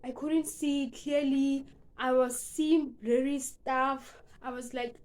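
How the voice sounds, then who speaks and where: A woman's voice: high voice, steady tone, takes it slowly, a little mellow. Earnest young South African woman. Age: young adult. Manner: earnest and emotional, with casual asides. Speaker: vlogger. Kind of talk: personal storytelling.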